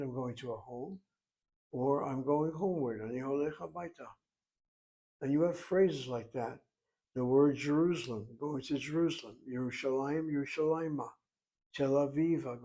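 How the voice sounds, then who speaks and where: A man's voice: medium pitch, mellow, low-quality recording. A man teaching a Hebrew lesson, explaining words step by step and spelling some out letter by letter.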